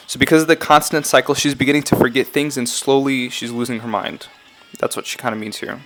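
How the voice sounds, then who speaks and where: A man's voice: medium pitch, steady tone, quick pace, few pauses, fairly bright tone, soft background music. Rambling man unpacking song lyrics. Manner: rambling, self-correcting, often unsure. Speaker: YouTuber analyzing game song lyrics. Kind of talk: casual commentary vlog.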